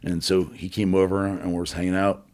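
A man candidly telling a personal story as an interview guest, halting, with many fillers and blunt swearing. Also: deep voice, little pitch movement, darkish tone.

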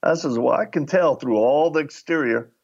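A middle-aged man with a gravelly, fry-laden voice telling stories in a relaxed interview. He slips into the voices of the people in his anecdotes. The recording sounds a little dull and lo-fi. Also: a little high, moderate pace. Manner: acts out dialogue while telling anecdotes. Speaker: podcast guest. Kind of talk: conversational storytelling.

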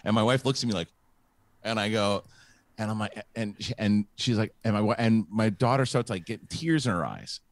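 A man's voice: on the low side, a little fast, no room sound. A middle-aged man hosting a live show, telling a long personal story in a rambling way with many restarts and fillers. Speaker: host. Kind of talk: casual live show chat.

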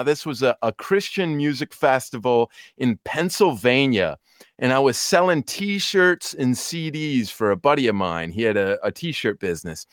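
A man in his thirties, a podcast guest, telling stories in an animated, chatty way with quick asides. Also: medium pitch, dry recording, clean studio sound. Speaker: podcast guest, polka band musician. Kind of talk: casual chat.

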